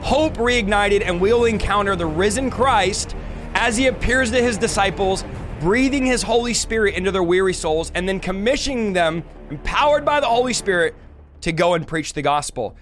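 Man, high voice, energetic, playful, Bible teacher, podcast host. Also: normal speed, soft background music.

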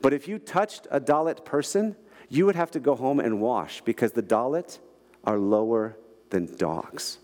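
A man's voice: medium pitch, a little slow, in a large hall. A man giving a sermon to a church audience, telling mission stories with emphatic storytelling and restarting words as he goes. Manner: storytelling, emphatic, repeats words when excited. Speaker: guest speaker.

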